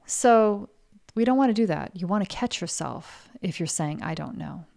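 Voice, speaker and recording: A woman's voice: mid-range voice, lively intonation, normal speed, creaky, dark tone. A woman hosting a casual motivational talk for artists, blunt and frank, swearing freely and acting out the doubting voice in her listeners' heads. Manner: acts out her listeners' inner voice. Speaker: podcast host and coach for artists.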